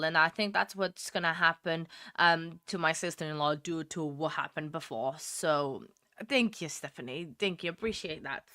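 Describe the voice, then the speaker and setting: A woman's voice: on the low side, sharp tone, no echo, clean studio sound. A woman hosting a livestream, chatting casually with viewers, emotional and laughing often. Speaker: livestream host. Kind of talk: casual chat with live chat.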